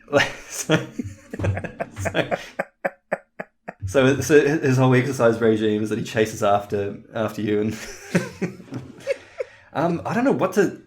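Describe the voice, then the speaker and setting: A man's voice: mid-range voice, animated, slow pace, pauses often, a little hiss or hum. A man co-hosting a podcast in casual chat, rambling and laughing often. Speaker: podcast co-host.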